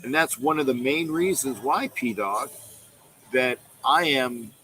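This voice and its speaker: A man's voice: medium pitch, expressive, slow, pushed and bright, slight background noise, low-quality recording. Rambling man hosting a livestream. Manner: rambling, repeats himself, reads viewer comments aloud. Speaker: host of a fan call-in livestream. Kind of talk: casual live-stream fan talk.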